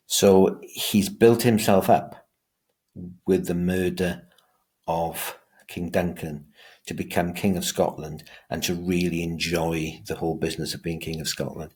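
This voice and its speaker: A man's voice: deep voice, fairly even intonation, measured pace, a little mellow. A male teacher giving a revision lecture, talking emphatically and often restarting and repeating his words as he explains.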